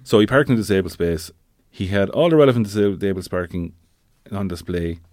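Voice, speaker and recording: Deep-voiced man in casual chat. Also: animated, fairly quick, a little mellow, dry recording, clean studio sound. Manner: conversational, many fillers, wry asides. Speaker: podcast co-host.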